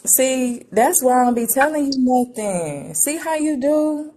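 A woman guest on a faith podcast, talking in a candid, animated, playful way. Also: sits high, unhurried, husky.

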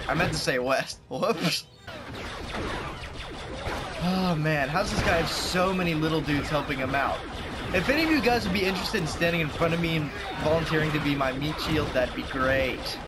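A man's voice: fairly high pitch, very noisy. A young man giving playful, joking commentary while playing a video game, talking trash at the enemies. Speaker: gaming youtuber.

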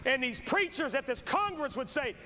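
His pitch is extremely high, his delivery sing-song at a moderate pace: a man evangelizing at a revival service, fervent and urgent, pleading with the crowd through repeated phrases. The talk is a revival sermon with an altar call, captured on poor VHS in a large church with faint hiss and long hall reverb.

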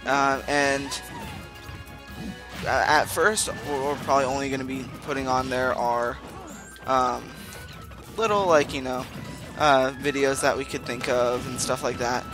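A man's voice: medium pitch, steady tone, unhurried, pauses often. A young man hosting a casual let's play, talking loosely with many ums and uhs. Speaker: gaming channel host. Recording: game music playing behind.

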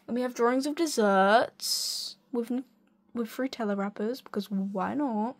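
A young woman giving a casual tour of her sketchbook, excitable and giggly, sounding tired. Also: fairly high pitch, normal speed. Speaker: art student showing a sketchbook.

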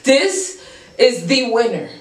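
A woman's voice: fairly high pitch, slow, recorded from a distance. Gushing woman in an echoey room. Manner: gushing, excitable, repeats herself. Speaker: host reacting to freestyles. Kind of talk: casual reaction commentary.

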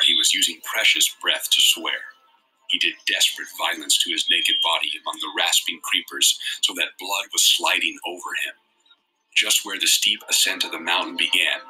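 A man reading a novel aloud in a steady, measured narration. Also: low-pitched, rough recording. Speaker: reader.

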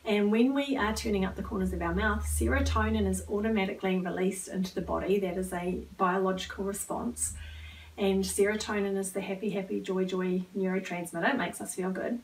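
Calm woman coaching a guided exercise. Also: mid-range voice, a little fast, recorded from a distance, a little hiss or hum, poor audio. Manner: calm, coaching, drops to a near whisper at times. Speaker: wellbeing trainer.

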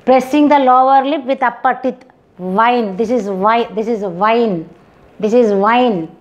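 A woman from India with an Indian English accent, teaching English phonetics and repeating each example word slowly several times. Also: fairly high pitch, highs cut off. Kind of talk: phonetics lesson with slow repeated example words.

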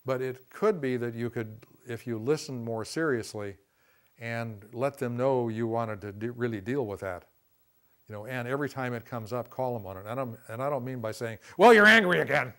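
A man teaching a class on communication, folksy and conversational, often saying "see" and "you know" and acting out quick quotes. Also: mid-range voice, darkish tone. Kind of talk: classroom lecture.

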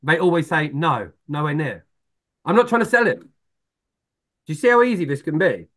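Lively man acting out sales calls. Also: sits high, quick pace. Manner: lively, acts out phone calls, swears freely. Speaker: sales expert guest. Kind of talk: animated podcast talk.

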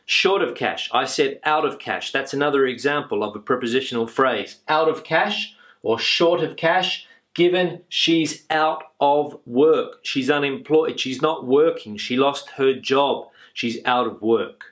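A man's voice: mid-range voice, measured pace, a bit bright. A man teaching English in a video lesson, patiently repeating each phrase with frequent uh fillers.

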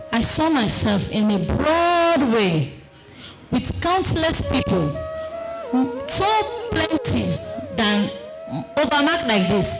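A woman's voice: on the high side, low-quality recording. A woman giving an emotional spoken testimony, impassioned and crying out at times. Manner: impassioned, cries out and shouts at times. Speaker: testimony speaker. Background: music.

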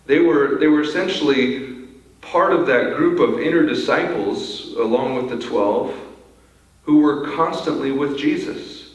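In a church sanctuary, a pastor delivers a sermon in an unhurried, medium-pitched voice. He is earnest and repeats words as he begins sentences, and the very echoey hall is captured by a distant mic.

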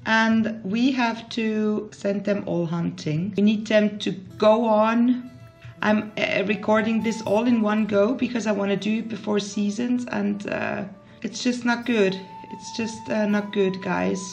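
Slow-talking woman narrating her game. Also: mid-range voice, steady tone, creaky. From Switzerland. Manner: chatty, talks to her game characters, emotional outbursts. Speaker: gaming YouTuber. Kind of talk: casual let's play commentary. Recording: faint background music.

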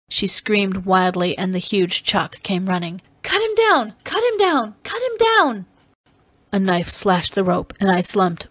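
A woman reading a novel aloud in first person, steady and even. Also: fairly low pitch, dry recording. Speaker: audiobook reader.

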